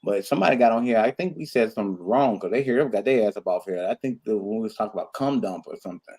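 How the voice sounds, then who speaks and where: A tipsy man hosting a casual chat, telling loud crude stories and laughing a lot. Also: on the low side, animated, fast. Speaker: talk show host.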